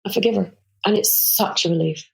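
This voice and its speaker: A woman's voice: medium pitch, fairly quick, creaky. A woman in her forties, a podcast guest telling frank, self-mocking stories in a candid interview. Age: 40s.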